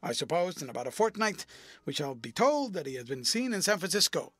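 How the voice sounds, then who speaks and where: A man reading the part of a witty, cynical aristocratic gentleman with an amused, epigrammatic delivery. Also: fairly high pitch, sing-song, brisk, slightly rough, no room sound, exaggerated voice.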